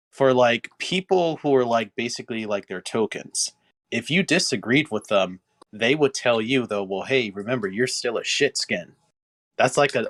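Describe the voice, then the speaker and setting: A man talking on a casual livestream, hesitant and halting. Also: lowish voice, a bit bright. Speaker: guest.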